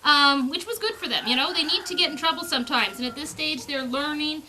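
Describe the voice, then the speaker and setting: Talking a little fast, a dog breeder handles her puppies on a farm outdoors and chats easily about raising them, switching to sing-song baby talk for the pups. Her voice is high, bright and ringing, with faint hiss behind it.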